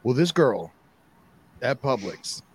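A man co-hosting a podcast, telling an animated story in casual chat. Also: medium pitch, slow, breathy edge. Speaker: podcast co-host.

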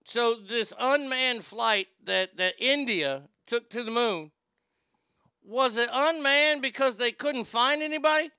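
A man's voice: very high-pitched, measured pace, pushed and bright, clear, resonant tone, dry recording, studio quality. A man hosting a livestream in casual commentary, rambling with stammered restarts and a mocking tone. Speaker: livestream host.

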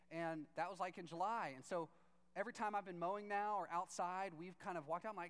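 A man's voice: sits high, quick pace, fairly bright tone, smooth. A man preaching a sermon through a chatty personal story, acting out both sides of each conversation and leaning on "like" as he talks. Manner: chatty, leans on "like" as filler.

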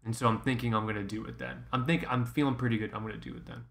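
A man co-hosting a casual chat podcast, animated and mock-ranting with swearing. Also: mid-range voice, racing, creaky. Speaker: podcast co-host.

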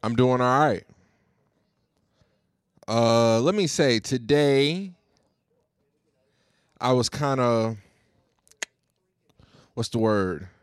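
A man's voice: medium pitch, extremely slow, pauses often, clean tone, no echo, clean studio sound. A man hosting his own podcast solo, chatting in a laid-back, slangy way with plenty of cursing. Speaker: podcast host. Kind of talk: casual solo podcast chat.

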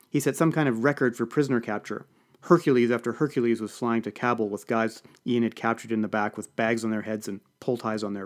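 A man's voice: medium pitch, lightly acted. A man voicing a confident, gossipy woman lobbyist who hosts a party. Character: woman lobbyist party host, knowing and chatty.

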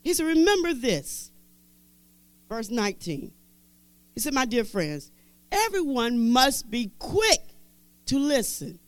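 High, lively woman preaching a sermon. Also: takes it slowly, pauses often, no echo. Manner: emphatic preaching, repeating scripture phrases; conversational asides in casual speech. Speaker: Bible teacher.

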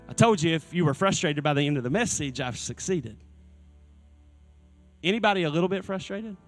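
A male pastor preaching a sermon in a church, earnest and repeating his key phrases, with soft instrumental music behind him. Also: on the high side, a little fast. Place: church sanctuary.

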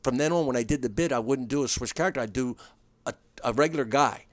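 A middle-aged man in a relaxed conversation tells stories in quick, animated bursts, often restarting his sentences. His voice sits at an ordinary pitch, close and dry with no room sound around it. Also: no echo. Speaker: comedian and comedy writer guest. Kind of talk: casual storytelling chat.

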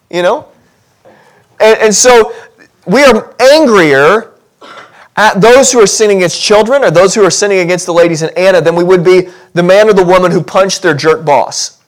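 A man preaching a sermon as pastor, talking conversationally and building to animated intensity. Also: high voice, normal speed. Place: church sanctuary.

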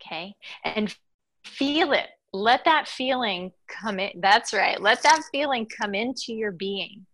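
A woman guiding listeners step by step through a tapping exercise, pausing often with a reassuring "okay". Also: medium pitch, lively intonation, a bit bright. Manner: slow, step-by-step coaching with frequent "okay". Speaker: guest teacher. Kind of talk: guided tapping instruction.

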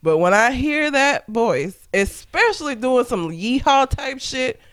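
A woman's voice: sits high, sing-song, unhurried. A young woman co-hosting a casual chat, candid and laughing often as she tells stories. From Southern United States. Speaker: podcast co-host.

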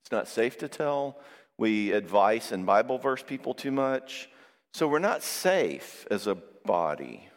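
A man giving a Christian marriage seminar. He talks in a conversational way, tags his points with "all right?" and tells lively personal stories. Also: mid-range voice, measured pace. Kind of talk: live seminar talk to an audience. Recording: long reverb in a large hall.

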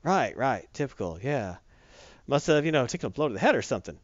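A man's voice: medium pitch, big pitch swings, quick pace, no room sound, dull audio, natural voice. A man voicing a confused young male superhero, stammering in bewilderment. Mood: bewildered.

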